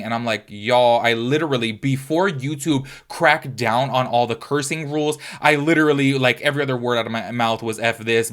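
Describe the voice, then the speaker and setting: Fast-talking chatty young man. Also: mid-range voice. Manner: chatty, expressive, addresses viewers as y'all. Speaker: beauty YouTuber. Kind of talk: casual rambling vlog.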